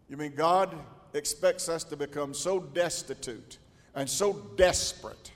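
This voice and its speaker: An older pastor preaching a storytelling sermon in a folksy drawl, his voice sitting a little high and swelling into shouts. It rings in a long church reverb. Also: unhurried.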